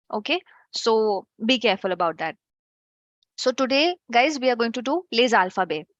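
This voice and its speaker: A woman's voice: fairly high pitch, moderate pace, dry recording. A woman teaching an online French class, chatty and checking in with her students.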